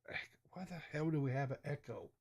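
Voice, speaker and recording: Halting podcast co-host, slightly higher voice. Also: male voice. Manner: halting, many filler uhs. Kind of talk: casual podcast chat.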